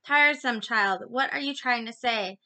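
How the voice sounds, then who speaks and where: A stern storybook mother scolds her child with impatience, as a woman reader puts her on. The voice stays high and bright. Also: moderate pace. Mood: scolding.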